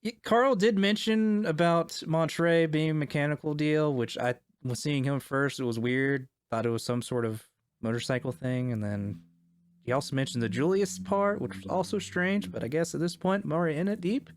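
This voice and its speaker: A man's voice: a little high, normal speed, no room sound, pitched above the performer's own voice, lightly acted. A man voicing a polite, wary young woman academic in a tabletop game, in his own plain voice without an accent. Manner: plain voice, no attempt at an Italian accent.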